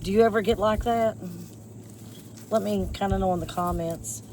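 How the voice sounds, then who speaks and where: A woman vlogs from her yard beside a porch, pulling weeds and rambling casually to viewers at a normal pace. She has a mid-range, darkish voice, a slight cough from a chest infection, and the audio carries a little hiss or hum.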